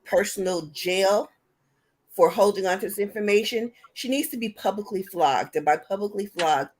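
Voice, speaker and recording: Husky woman, blunt panelist. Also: mid-range voice, normal speed. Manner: blunt, firm opinions. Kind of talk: casual online panel talk.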